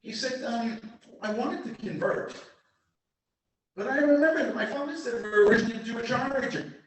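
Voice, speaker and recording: A man giving an informal lecture, telling anecdotes in an animated, digressive way to a group. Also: extremely high pitch, normal speed. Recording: very echoey room, mic far off.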